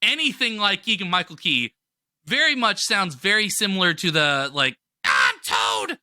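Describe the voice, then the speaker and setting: A man's voice: sits high, expressive, normal speed, bright, forceful tone, no echo. A man chatting casually as a podcast cohost, enthusiastic and rambling with lots of fillers. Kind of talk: casual pop-culture chat.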